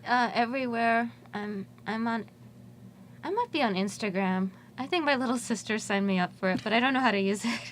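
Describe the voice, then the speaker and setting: A woman's voice: a little high, a little fast, slight background noise. Giggly, rambling woman on air. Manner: giggly, rambling, laughs often. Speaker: musician guest. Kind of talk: casual radio interview chat. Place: college radio studio.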